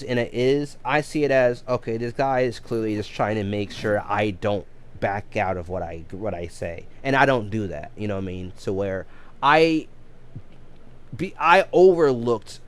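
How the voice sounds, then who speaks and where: Man rambling through a story. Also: medium pitch. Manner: rambling, many restarts and self-corrections. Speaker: game streamer. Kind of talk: casual storytelling on a livestream.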